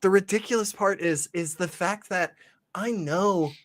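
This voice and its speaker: A man's voice: high-pitched, measured pace. A man hosting a live online talk show, reacting to a clip with incredulous sarcasm and frequent laughter. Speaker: host. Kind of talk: casual live chat reacting to a video.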